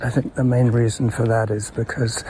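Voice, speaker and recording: A man's voice: medium pitch, little pitch movement, moderate pace. A man vlogging in a casual, rambling monologue as he walks a golf course trail, recorded on a chest-mounted camera and greeting people he passes. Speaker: podcaster vlogging his morning walk. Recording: outdoor noise clearly behind him.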